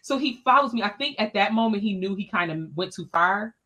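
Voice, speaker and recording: A woman, an education scholar, telling a personal story as a podcast guest in an animated, expressive, colloquial way. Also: medium pitch, brisk.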